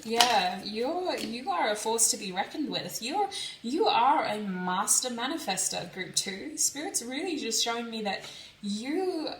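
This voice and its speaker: A woman's voice: on the high side, big pitch swings, a little slow, fairly bright tone, slight background noise. A young woman giving a casual tarot reading, chatty and laughing often as she thinks aloud. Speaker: tarot reader. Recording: echoey room, a bit distant from mic.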